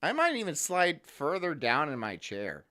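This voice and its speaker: A man's voice: a little high, huge pitch swings, moderate pace, sharp tone. A man casually chatting on a live stream, reading out viewer messages and teasing them. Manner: laid-back, teasing, reads out chat messages.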